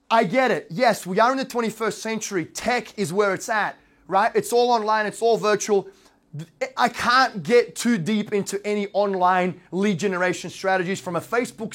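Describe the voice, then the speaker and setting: A man's voice: high voice, a bit bright. An Australian man talks through a casual slideshow presentation. He rambles, fills gaps with ums and uhs, and keeps asking "right?" to check in with his listeners. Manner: rambling, heavy on fillers and tag questions. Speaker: real estate investor and brokerage owner.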